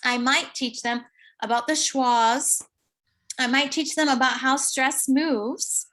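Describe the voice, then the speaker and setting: A woman giving an online lecture, explaining slowly and thinking aloud with fillers. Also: high voice, fairly even intonation, fairly bright tone.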